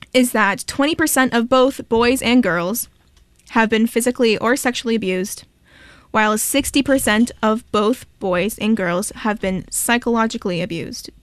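A woman's voice: a little high, normal speed, dry recording. A young woman hosting a casual college radio show, chatty and bubbly, on a close studio mic.

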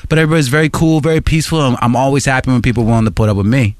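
A man's voice: medium pitch, steady tone, rapid-fire, darkish tone, no echo. A man, co-hosting a podcast, chatting and joking in a playful way. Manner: playful, jokes, does mock accents. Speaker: podcast co-host. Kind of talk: casual banter and storytelling.

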